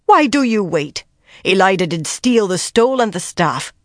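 A narrator voicing a furious woman on a ruling council, demanding loudly in an audiobook. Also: mid-range voice, very animated, moderate pace, no echo, studio quality, pitched above the performer's own voice. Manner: outraged, demanding.

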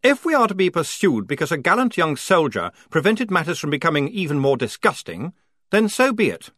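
A man's voice: on the high side, big pitch swings, brisk, fairly bright tone, no room sound, clean studio sound, pitched above the performer's own voice. A man voicing a fussy, anxious young army officer who speaks in a prim, formal and polite way.

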